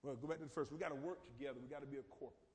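A man's voice: mid-range voice, very fast, a little mellow. A middle-aged male pastor giving a folksy, informal sermon with dialect and call-and-response. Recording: echoey church hall reverb.

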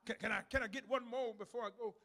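High-voiced shouting preacher man. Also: fairly even intonation, fast. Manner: shouting call-and-response with rhythmic repetition. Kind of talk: sermon.

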